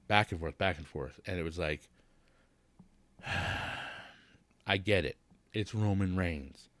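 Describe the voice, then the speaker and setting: Deep-voiced man ranting about wrestling. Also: no room sound. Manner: blunt, profane, rambling. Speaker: wrestling vlogger. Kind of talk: casual wrestling recap rant.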